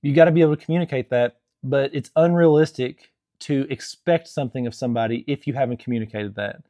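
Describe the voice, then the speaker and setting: A man's voice: mid-range voice, fast, mellow, no echo. A young man who is married and gives casual, earnest marriage advice to camera, rambling, with frequent restarts and fillers. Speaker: Christian marriage vlogger.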